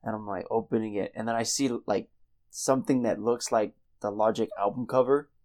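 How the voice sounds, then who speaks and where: A man's voice: lowish voice, steady tone, brisk, darkish tone. A young man casually co-hosting a podcast, telling a rambling story and swearing freely. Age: young adult. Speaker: podcast co-host. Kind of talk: casual chat.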